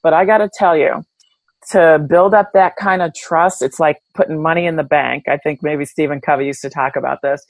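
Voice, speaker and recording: A woman's voice: deep voice, fairly even intonation, moderate pace, no room sound, low-quality recording. A woman guest in an interview, telling stories candidly and reflectively, with many fillers and restarts. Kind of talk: conversational interview.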